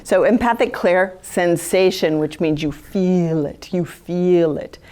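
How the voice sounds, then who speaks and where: A woman gives a live talk in a chatty, animated manner, with a somewhat low-pitched voice. She is casual with the audience and often acts out quoted inner thoughts. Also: slow. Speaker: speaker giving a talk on empathy.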